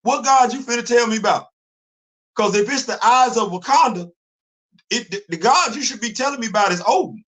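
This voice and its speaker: Animated high-voiced male stream host. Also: a little fast. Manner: animated, rhetorical questioning, repeats himself. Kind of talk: live stream commentary.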